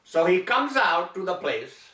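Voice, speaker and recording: High, bright man telling a spiritual story. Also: very animated. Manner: slow, deliberate storytelling with long pauses. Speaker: spiritual teacher. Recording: echoey room from far off.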